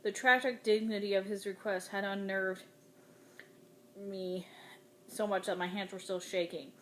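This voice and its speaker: A woman reading a novel aloud in the first person with dramatic, expressive delivery. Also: mid-range voice, measured pace, slight background noise. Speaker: audiobook reader.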